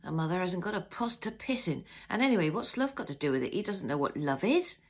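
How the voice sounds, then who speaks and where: A woman's voice: low-pitched, a little fast, gravelly. A woman voicing a domineering middle-aged fisherman father who talks in a blustering, scornful way, in a storybook reading. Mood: angry.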